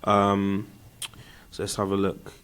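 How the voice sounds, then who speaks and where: A man's voice: lowish voice, monotone, takes it slowly, fairly bright tone, smooth. A man hosting a casual podcast chat, reading viewer comments aloud in slangy street talk. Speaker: podcast host.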